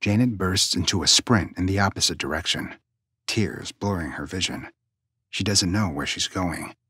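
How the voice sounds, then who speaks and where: At normal speed, a male narrator reads a suspense story in a breathy hush that nearly becomes a whisper. His voice is low with a bright, forward edge, recorded close and dry with no room sound.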